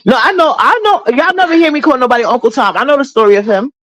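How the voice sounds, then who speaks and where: A woman's voice: high voice, expressive, fast talker, fairly bright tone, poor audio. A woman hosts a livestream in a casual, chatty way. She is blunt and full of sass, and she addresses her chat directly as she goes. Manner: blunt, sassy, talks straight to her chat. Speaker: livestream host.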